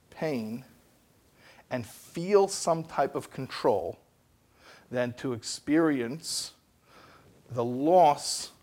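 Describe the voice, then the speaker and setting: A man giving an animated lecture, telling stories and asking rhetorical questions. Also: medium pitch. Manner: storytelling with rhetorical questions and acted-out dialogue.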